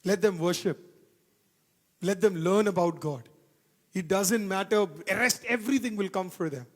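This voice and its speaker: In a big church hall whose long reverb carries his words, a male pastor with a high, ringing voice delivers a fervent sermon. He keeps a moderate pace and repeats phrases to hammer his points home.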